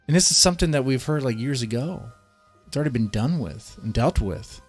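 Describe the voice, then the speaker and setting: A male streamer ranting to his chat with heated, profane outbursts, repeating lines and tripping over restarts. His pitch sits in an ordinary middle range. Soft music plays underneath. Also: expressive, a little fast. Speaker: streamer reacting to a video. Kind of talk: casual live-stream rant.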